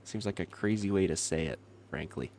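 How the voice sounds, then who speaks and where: A man's voice: low-pitched, fairly quick, creaky, a little mellow, a little hiss or hum. A young man chatting casually with his livestream chat while gaming, laughing often and reacting to comments. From not from Kentucky. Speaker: streamer.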